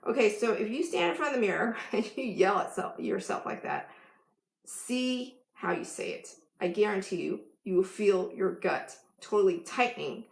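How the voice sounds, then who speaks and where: A woman's voice: medium pitch, lively intonation, moderate pace, gravelly. A woman life coach giving an emphatic motivational vlog talk, laughing often. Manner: bursts into loud yelled affirmations. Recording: echoey room.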